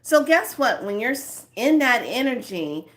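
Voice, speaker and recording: A woman giving a spiritual motivational talk to her viewers, slipping between soft whispered phrases and lively acted asides. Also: on the high side, measured pace. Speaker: spiritual self-help speaker.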